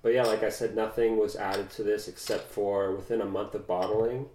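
Young man, winemaker, casual technical chat, lowish voice, echoey room. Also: moderate pace, slight background noise. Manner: relaxed, technical, with fillers. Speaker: winemaker guest.

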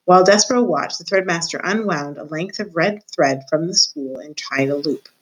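A woman teacher reads a children's book aloud in a slightly low voice. She tells the story in a clear, expressive, measured way. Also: low-quality recording.

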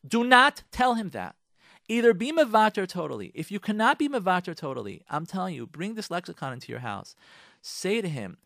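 Animated high-voiced man giving marriage advice. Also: fairly quick, creaky, dry recording, studio quality. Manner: emphatic, repeats lines for effect, rhetorical questions; addresses listeners directly, coaxing. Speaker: radio show host giving relationship advice.

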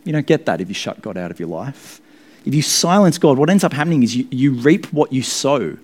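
Male preacher at a mid pitch, earnest and emphatic, giving a sermon with sudden lifts in his voice. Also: very animated, brisk, darkish tone.

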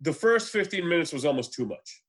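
A man in casual conversation about films, rambling and swearing freely, slipping into quick voices to retell scenes. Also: on the high side, animated. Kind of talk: casual movie chat.

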